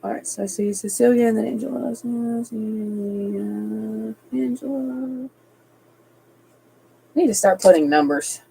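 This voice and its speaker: A woman's voice: on the high side, unhurried, vocal fry, pauses often, warm tone, a little hiss or hum, low-quality recording. A woman doing a live-streamed tarot reading, reading card texts aloud evenly and slipping into casual, chatty asides. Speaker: tarot reader.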